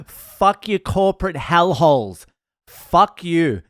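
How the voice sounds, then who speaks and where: A man's voice: sing-song, no echo, clean studio sound, heavily acted. A man mimicking a furious ranting guy. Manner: slow, shouted, pitched-up rant.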